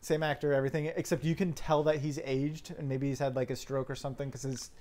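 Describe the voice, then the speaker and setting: A man's voice: mid-range voice, level tone, fast talker, a little mellow. Regular guy on a podcast, medium voice, chatty, goes on and on telling stuff. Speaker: podcast co-host. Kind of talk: casual chat.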